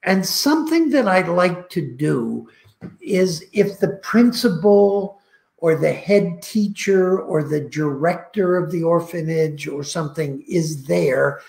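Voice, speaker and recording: An older man slowly telling heartfelt stories about his work, recorded on a video call. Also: on the high side, animated, creaky, darkish tone, reverberant. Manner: slow, heartfelt, emotional anecdotes. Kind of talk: casual storytelling.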